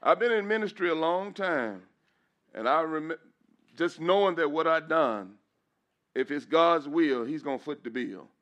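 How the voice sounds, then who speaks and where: A middle-aged pastor gives an emotional testimony in church, his voice breaking at times as he repeats phrases and rises into praise. His voice is on the high side, fairly bright, with lively intonation and a measured pace.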